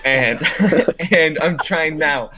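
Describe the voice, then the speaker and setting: A young man co-hosting a podcast, telling animated stories in casual chat and laughing often. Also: a little high, drawn-out words, slight background noise. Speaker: podcast co-host.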